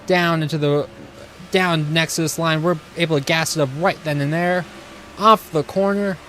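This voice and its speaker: A man's voice: a little high, steady tone, moderate pace, sharp tone, slight background noise. A man streaming a racing game live, commenting casually and greeting his chat. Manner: eager, casual, talks to chat. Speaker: gaming streamer.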